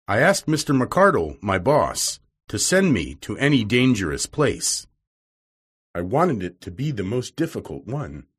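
Husky guy reading a story, really animated pitch, does all the voices. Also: a little slow. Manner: expressive, acts out each character. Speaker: narrator.

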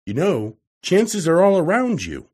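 A man voicing a calm, idealistic young woman in a read-aloud story, lifting his husky voice higher. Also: a little slow, full character voice. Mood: gently firm. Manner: raised, softened pitch for the woman's part.

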